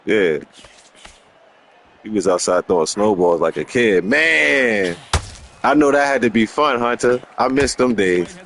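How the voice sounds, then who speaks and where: A man's voice: on the low side, expressive, measured pace, long pauses, fairly bright tone, slight background noise. A man hosting a casual live stream, bantering playfully with viewers while he plays a boxing video game. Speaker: gaming streamer.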